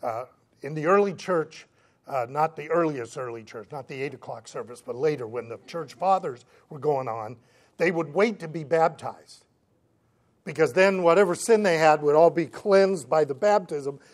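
A male pastor preaching with animation, his voice a touch higher than most men's. He keeps checking in with the congregation as he goes and breaks into lively voices for the people in the story. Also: moderate pace. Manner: checks in with the listeners, asking "right?" again and again. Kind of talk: sermon.

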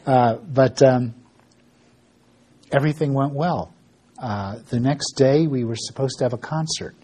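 A man's voice: medium pitch, measured pace, warm tone, breathy edge. A man giving an informal spoken update about his ministry work, telling stories with fillers and restarts and acting out the dialogue. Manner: storytelling with frequent fillers and restarts; acts out dialogue in quoted voices.

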